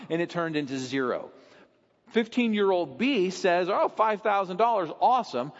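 A man delivers a sermon in a high voice and an emphatic style, often dropping low and soft for weight. The recording is dull and lo-fi. A long hall reverb trails behind him. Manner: emphatic, with sudden drops in pitch and volume. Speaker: preacher.

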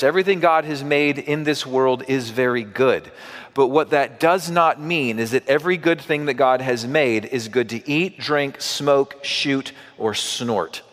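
A man's voice: fairly high pitch, fairly bright tone, big-room sound. A man preaching a sermon in a church, talking to the congregation in a conversational way with asides and questions. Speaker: pastor.

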